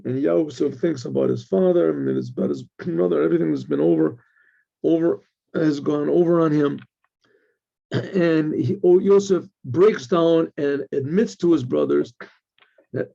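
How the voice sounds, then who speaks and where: A man giving an informal Torah lesson, retelling the story with lively quoted lines and clearing his throat often. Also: fairly high pitch, normal speed. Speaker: rabbi teaching Torah. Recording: dull lo-fi recording.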